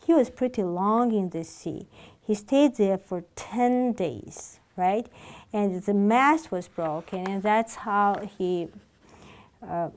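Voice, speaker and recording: A woman's voice: medium pitch, takes it slowly, a little mellow. Woman, English teacher, patient, repeats and asks questions. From Georgia. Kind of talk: classroom lesson.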